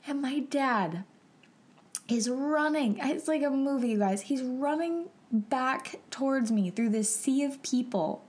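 A woman hosting a podcast who tells a personal story in a casual, emotional and animated way, talking straight to her listeners. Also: mid-range voice, measured pace. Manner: emotional and animated, addresses listeners as "you guys"; casual and chatty, with frequent "like" fillers. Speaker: podcast host.

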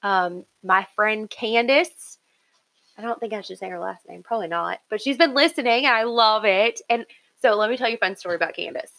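A woman co-hosting a podcast, chatting casually in an excitable, giggly way. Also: medium pitch, brisk, creaky, poor audio. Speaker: podcast co-host.

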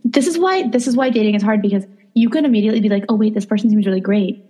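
A young woman co-hosting a podcast, telling dating stories in a casual, animated way, acting out quotes and saying "like" a lot. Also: medium pitch, rapid-fire, slightly rough. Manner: animated, acts out quotes, lots of "like". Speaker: podcast co-host. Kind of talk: casual storytelling chat.

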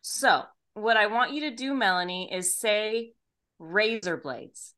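A woman's voice: mid-range voice, lively intonation, slow pace, sharp tone. A woman from the United States hosting a podcast in casual chat, self-mocking and laughing often. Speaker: podcast host.

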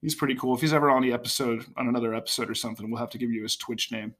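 A man's voice: mid-range voice, fairly even intonation, racing, a bit bright. A young man co-hosting a podcast in casual chat, joking and teasing with a lot of swearing. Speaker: podcast co-host.

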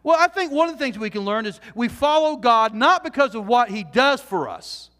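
A man preaching from the pulpit in a strikingly high voice, earnest and animated. He keeps asking his congregation questions and restarts phrases as he presses his point. His words ring out with a long reverberation in a large church hall. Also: moderate pace. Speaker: pastor. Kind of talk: sermon.

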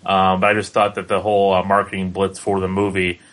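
A man's voice: low voice, completely flat delivery, fast, fairly bright tone, rough recording. A man with a young son, co-hosting a casual podcast, rambling with lots of ums and restarts. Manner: rambling, many fillers and restarts. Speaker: podcast co-host. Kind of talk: casual chat.

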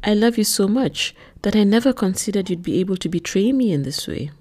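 A woman voicing a controlling, jealous man who speaks flat and cold, then bursts into shouts. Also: medium pitch, fairly quick, voice pushed up, close to an everyday voice. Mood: wounded.

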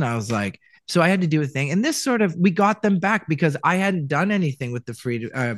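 A man's voice: on the high side, big pitch swings, a little fast, few pauses, dry recording. Canadian man telling his story, dry room. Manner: rambling, many restarts, acts out quoted lines. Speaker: voice actor guest. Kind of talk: casual interview storytelling.

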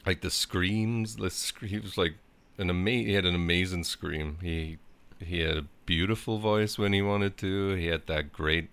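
A man with a deep voice and a gravelly, creaky edge talks through music stories. He rambles casually, stacking fillers and restarts. He sounds relaxed, like he's chatting on a podcast. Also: normal speed, hardly any pauses. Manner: rambling, storytelling, many fillers. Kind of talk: casual chat about music.

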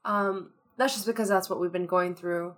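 A woman's voice: medium pitch, steady tone, normal speed. A woman co-hosting a casual podcast, chatting and laughing easily with fillers between thoughts. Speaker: podcast co-host.

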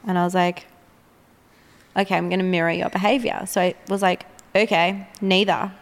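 A woman who works as a children's therapist, chatting casually and acting out the conversations she retells with lively energy. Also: lowish voice, a little fast, gravelly, big-room sound. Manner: animated storyteller, acting out quoted dialogue.

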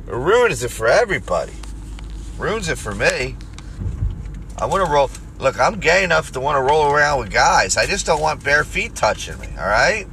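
A man with a Philadelphia accent hosting a solo podcast from his car, rambling crudely and jokingly between loud bursts and mutters. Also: a little high, sing-song, moderate pace, vocal fry, slight background noise. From Philadelphia area. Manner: rambling, crude, jokey, swings loud and quiet. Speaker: podcast host. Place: car on the road.

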